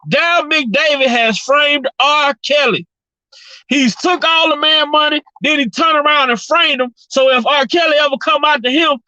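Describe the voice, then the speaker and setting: Woman vlogger, high bright voice, dry close sound, profane and fired-up rant. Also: dry recording, highs cut off. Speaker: commentary vlogger. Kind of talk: heated opinion rant.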